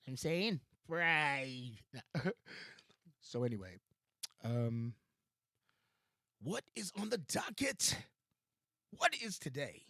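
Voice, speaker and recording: Slow, rambling man with a Los Angeles accent. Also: mid-range voice, huge pitch swings, gravelly, a bit bright, breathy edge, no echo. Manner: meandering, self-interrupting, swears casually, laughs often. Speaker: podcast host. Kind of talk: rambling solo talk show. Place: home room at a computer.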